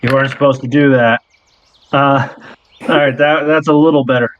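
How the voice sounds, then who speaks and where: A man narrating a tabletop role-playing game as game master, telling the scene in a relaxed way with fillers. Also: mid-range voice, moderate pace, lo-fi sound, a little hiss or hum.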